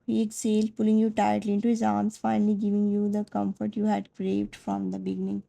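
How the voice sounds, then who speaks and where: A woman narrating a second-person fan fiction story in a soft, dramatic storytelling manner. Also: mid-range voice, little pitch movement, moderate pace, vocal fry, poor audio.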